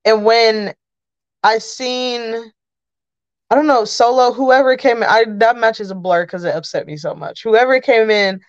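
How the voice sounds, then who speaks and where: A woman chatting as a podcast guest, telling animated stories about watching wrestling. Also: fairly high pitch, measured pace, clean tone, dry recording. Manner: animated storyteller. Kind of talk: casual chat. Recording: dull lo-fi sound.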